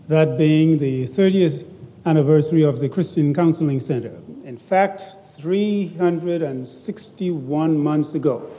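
A man acting as master of ceremonies, giving a measured, formal welcome and a public prayer at a podium microphone in a large hall. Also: a little high, mellow. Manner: measured, formal, with light humor. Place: large concert hall or church. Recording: long hall reverb.

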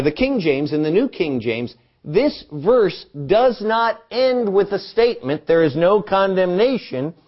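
A man teaching from the Bible at an unhurried pace, his pitch climbing and falling in lively sweeps as he presses questions on his listeners. The recording sounds dull and lo-fi. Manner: animated, asks the listeners questions and quotes scripture.

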